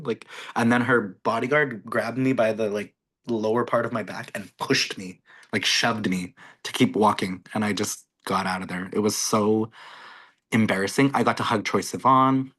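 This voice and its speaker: Canadian guy, low-ish voice, talkative guest on a video call, bubbly and casual. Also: steady tone, normal speed, a bit bright, husky. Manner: chatty, gushing, lots of "like" and "you guys". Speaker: guest content creator.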